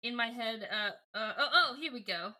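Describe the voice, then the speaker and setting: A woman's voice: fairly high pitch, animated, normal speed, bright, forceful tone. A woman co-hosting a podcast, recapping a book in casual chat, giggly and swearing casually. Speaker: podcast co-host.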